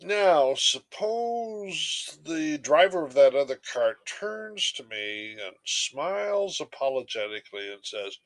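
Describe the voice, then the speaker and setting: A man's voice: fairly high pitch, sing-song, takes it slowly. A man giving a recorded lecture, telling everyday stories in an emphatic, storytelling way.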